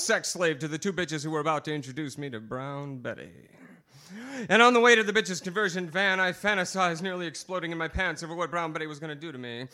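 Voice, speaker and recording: On a live bar stage, a slam poet performs in a high, very bright, cutting voice. He's theatrical, swinging from shouted bursts to near whispers.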